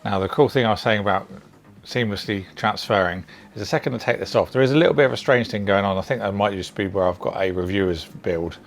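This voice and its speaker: A British man giving a relaxed, chatty overview of audio gear he is testing, with the odd um and like. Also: fairly low pitch, fast, creaky, faint music behind. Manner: relaxed, chatty, sprinkled with ums and likes. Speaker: tech reviewer. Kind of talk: casual product overview.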